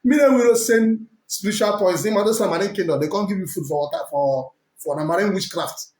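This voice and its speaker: A man with a Nigerian accent preaching forcefully as a prophet, switching between English, Pidgin and Igbo. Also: high-pitched, brisk. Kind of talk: preaching to camera. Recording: echoey room.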